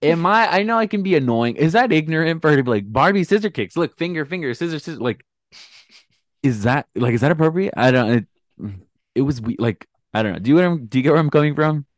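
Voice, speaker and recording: A man's voice: fairly high pitch, lively intonation, quick pace, dry recording, clean studio sound. A young man co-hosting a casual reality TV recap, gossipy and blunt with a sarcastic edge. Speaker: podcast co-host.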